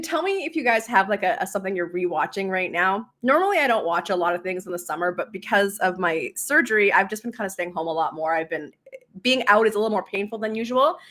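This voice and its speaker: A woman's voice: mid-range voice, fairly bright tone. A woman hosts a casual live stream as a business coach, chatting with lots of laughter and fillers and reading comments aloud.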